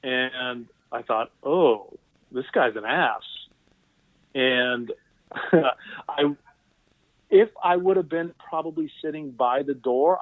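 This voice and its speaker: A man on a dry, narrow phone line, speaking at an ordinary middle pitch. He is a physical therapist guest telling animated stories and quoting the people in them. The line sounds thin and tinny, with no room around his voice. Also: no room sound. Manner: animated anecdotal storyteller, quotes people in voices. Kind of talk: conversational interview storytelling.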